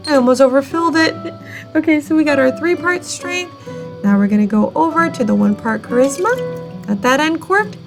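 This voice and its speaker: High, playful woman narrating gameplay. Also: lively intonation, normal speed, gravelly, music in the background. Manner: playful, giggly asides, sound effects. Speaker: gameplay podcaster. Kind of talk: casual let's-play narration.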